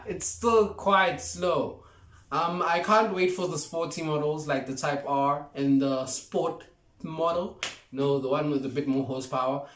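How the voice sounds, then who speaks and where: A young man chats through a casual car review, hammering his points home by repeating them and laughing along the way. His voice sits slightly high. The room gives a noticeable echo. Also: fairly bright tone. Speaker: car vlogger. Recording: roomy echo.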